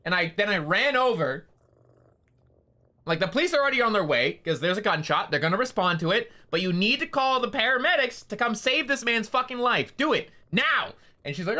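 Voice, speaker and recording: A man's voice: high-pitched, animated, a little fast, bright, forceful tone. A man casually recounting a game story on his stream, rambling and swearing with lots of fillers.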